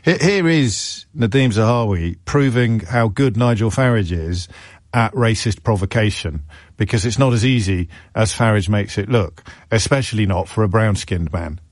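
Sarcastic radio host. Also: male voice, lowish voice, normal speed, no echo, clean studio sound. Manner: sarcastic, mocking. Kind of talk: opinionated radio commentary.

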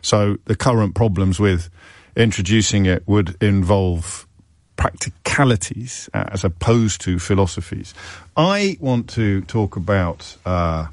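A man's voice: fairly low pitch, animated, a little slow, no room sound, clean studio sound. A man hosting a radio phone-in, talking in a chatty, wry way with self-amused asides. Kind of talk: talk radio monologue.

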